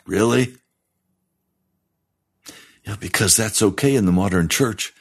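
A male pastor preaching a broadcast sermon, fiery and reading scripture aloud, rising in pitch on pointed questions. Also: takes it slowly, husky. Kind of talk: radio sermon.

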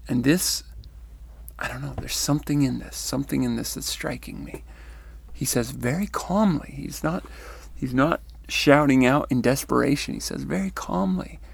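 A man giving reflective commentary on near-death accounts, thoughtful and musing, with pauses and restarts. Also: mid-range voice, creaky, husky, no echo. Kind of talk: reflective spoken commentary with read-out quotes.

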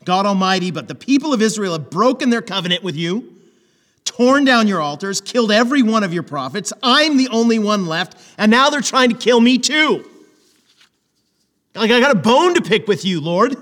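A man's voice: sits high, animated, normal speed, a bit bright, in a large hall, pitched above the performer's own voice. A man voicing a weary, aggrieved male prophet who pleads and complains to God, his voice climbing as he builds his case.

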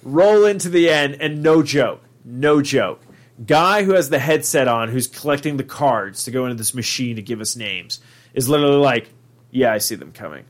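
A man's voice: mid-range voice, normal speed. A man hosting a podcast, telling a long comic story in a rambling way, full of fillers and casual swearing. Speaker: podcast host.

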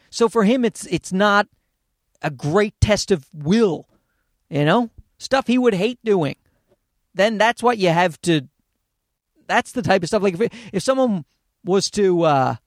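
Male podcast host, high, bouncy voice, dry close mic, rambling and profane. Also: no room sound. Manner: rambling, profane, self-mocking storytelling with many restarts. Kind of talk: casual solo podcast monologue.

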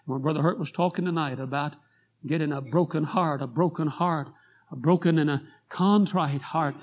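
A man preaching a sermon, telling a story and swelling louder on key phrases while drawing out scripture slowly. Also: a little high.

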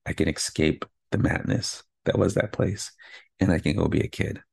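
Male podcaster, a father, gravelly low voice with a husky edge, close dry mic, motivational and candid. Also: steady tone, normal speed, darkish tone, dry recording. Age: adult with kids. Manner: candid, pumped-up self-talk with frequent "right?". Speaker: podcast host.

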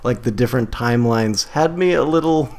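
A young man chatting casually about films, easygoing and halting, laughing often. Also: medium pitch, darkish tone. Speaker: podcast co-host. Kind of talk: casual movie review chat.

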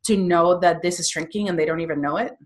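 Woman, podcast guest and coach, energetic, acts out quotes. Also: lowish voice, fast. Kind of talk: podcast interview.

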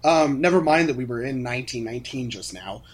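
A man co-hosting a casual fan podcast, animated, laughing often as he retells scenes. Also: mid-range voice, fairly quick. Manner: animated, laughs often, acts out characters' lines. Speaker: podcast co-host.

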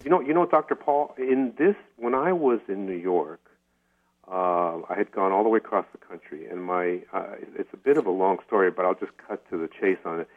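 A man telling stories as a guest in a casual interview, animated and repeating himself when he gets excited. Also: low voice, fairly quick. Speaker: podcast guest, documentary filmmaker. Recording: tinny phone line.

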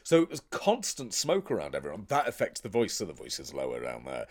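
Man, actor, casual podcast chat, animated and foul-mouthed, very lively pitch. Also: brisk. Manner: animated, blunt and profane.

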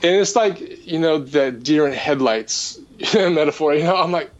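Guy with a higher voice telling his story all earnest, kinda dull lo-fi sound. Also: unhurried, hardly any pauses. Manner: earnest, animated retelling with restarts. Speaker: energy healer guest. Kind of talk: casual storytelling.

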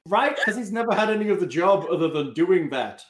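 A man's voice: high-pitched, animated, fairly quick, roomy sound. A man narrating a tabletop game as game master and joking with the players.

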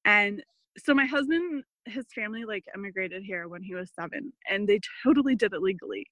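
In her thirties, a woman appears as a podcast guest and recounts family stories in a casual, filler-heavy chat, quoting people animatedly. Her mid-range voice moves briskly. The recording is dry and the audio quality is poor.

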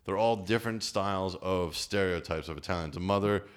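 A man's voice: deep voice, brisk, clear, resonant tone. A man from New Jersey chatting casually on a podcast, joking and rambling, often tripping over his words. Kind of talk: casual chat.

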